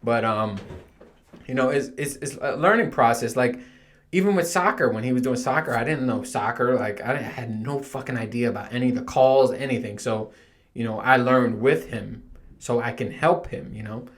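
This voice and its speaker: A man's voice: mid-range voice, moderate pace. Rambling, profane man talking solo. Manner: profane, rambling, self-mocking. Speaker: podcast host. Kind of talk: casual monologue.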